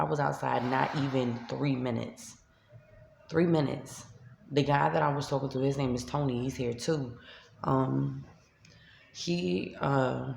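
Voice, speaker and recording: Gravelly New York woman venting. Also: rumbling low, darkish tone, reverberant, a little hiss or hum. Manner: upset, retelling an argument with quoted dialogue. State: tearful. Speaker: shelter resident. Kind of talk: venting vlog to camera. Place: shelter room by a street window.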